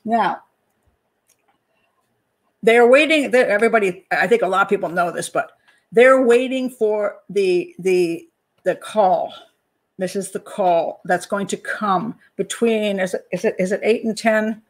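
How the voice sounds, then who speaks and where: A woman with a mid-range voice, a criminal profiler who hosts a true-crime channel, analyses a case in a casual, animated way. She pauses to check her notes, talking to herself as she does, and acts out the reactions of panicked parents.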